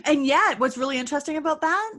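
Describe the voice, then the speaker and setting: A woman's voice: high voice, lively intonation, quick pace, a bit bright. A woman co-hosting a podcast, reflective and eager, asking probing questions. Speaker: podcast co-host. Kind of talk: casual podcast conversation.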